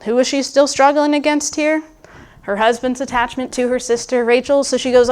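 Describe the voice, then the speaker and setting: A woman's voice: high voice, normal speed, clear, resonant tone. Conversational woman preaching. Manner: informal and musing, with restarts and asides; voices a biblical character's thoughts aloud. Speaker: guest preacher. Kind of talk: conversational sermon.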